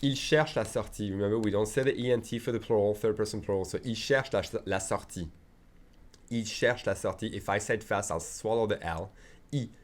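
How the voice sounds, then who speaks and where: A man gives a casual beginners' lesson. His voice sits on the low side, and he jokes along with plenty of fillers and restarts. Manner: relaxed, joking, many fillers and restarts. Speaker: French teacher.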